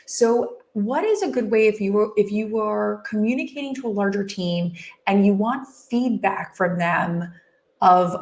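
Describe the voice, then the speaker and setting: A woman hosting a casual interview, her voice gravelly with vocal fry. She talks in long, rambling questions that circle back on themselves, and the room around her sounds echoey. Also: mid-range voice, animated, measured pace, a little mellow. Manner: chatty, rambling questions with many restarts. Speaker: host.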